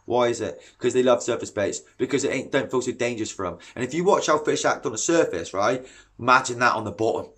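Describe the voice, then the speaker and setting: A man's voice: mid-range voice, quick pace, a bit bright, breathy edge. A man, a carp fishing vlogger, ranting bluntly and casually in a home video, using slang and strong opinions. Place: at home, then outdoors by a garden pond.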